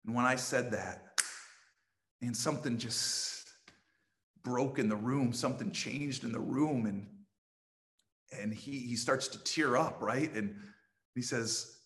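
A man's voice: mid-range voice, slow pace, long pauses. A man, a pastor and missionary, telling a testimony in a sermon and acting out the dialogue with energy. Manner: animated, acts out quoted dialogue.

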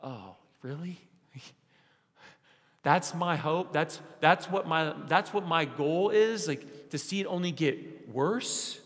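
A young man preaching a sermon as pastor, asking the congregation rhetorical questions and dropping his voice low and quiet for emphasis. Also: takes it slowly. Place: church sanctuary. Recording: long hall reverb.

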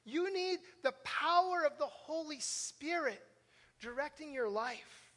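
A man's voice: extremely high pitch, animated, slow, fairly bright tone. An older man, a pastor, preaching a conversational sermon and telling stories in an earnest manner straight to his congregation. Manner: earnest, storytelling, direct address to congregation. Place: church sanctuary. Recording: long reverb of a church hall.

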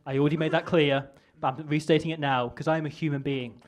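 A man's voice: on the high side, steady tone. Awkward man doing a parody politician speech. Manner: awkward, self-deprecating, halting. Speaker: comedian in a mock political speech. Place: stage before a live audience.

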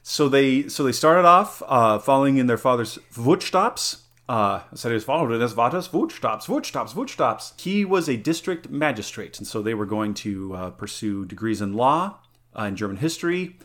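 A man's voice: medium pitch, animated, moderate pace, fairly bright tone. A man co-hosting a casual podcast, rambling through a story with lots of fillers, restarts and laughter. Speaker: podcast co-host.

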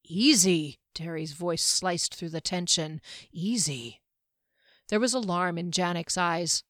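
A woman reading a fantasy novel aloud in a steady, even storytelling manner. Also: fairly low pitch, normal speed, dry recording. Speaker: audiobook narrator. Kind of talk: scripted fantasy narration.

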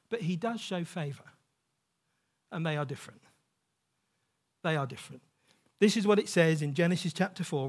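A male preacher giving a sermon in a conversational, emphatic way, often checking in with the congregation. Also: on the high side.

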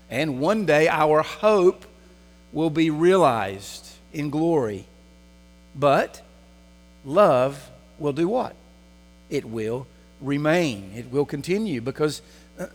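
Man preaching in a reverberant hall. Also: on the high side. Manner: asks the congregation rhetorical questions. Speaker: pastor. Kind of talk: sermon. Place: church sanctuary.

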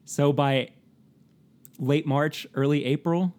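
A man's voice: fairly high pitch, steady tone, slow pace, darkish tone. A man co-hosting a casual whiskey tasting chat, rambling, correcting himself and laughing often. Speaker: co-host of a whiskey tasting show.

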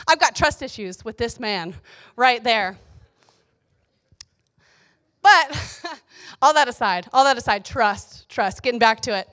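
A young woman giving a casual devotional talk, chatty and animated, telling stories with playful asides. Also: a little high, normal speed, long pauses. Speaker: youth speaker.

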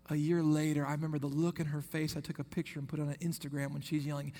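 A man's voice: on the high side, level tone, fast talker, a little mellow. A man, preaching a sermon and telling a personal story between scripture quotes. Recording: long reverb of a hall.

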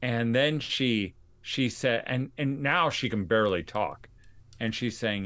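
A man's voice: medium pitch, unhurried, a bit bright. A man hosting a podcast, telling stories in an earnest, conversational way to his listeners. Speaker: podcast host. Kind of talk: casual podcast monologue.

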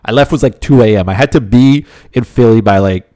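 Low-voiced Canadian man rambling casually. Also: brisk, darkish tone, dry recording, studio quality. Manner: rambling, conversational storytelling with many fillers. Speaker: podcast host. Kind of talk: casual monologue.

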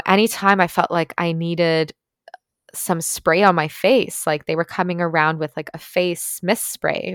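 A young woman with a fairly low, bright-toned voice earnestly recounts her experience at a retreat in a casual, heartfelt vlog monologue. She sprinkles in lots of "like"s and "right?"s. The recording is dry, with clean studio sound.

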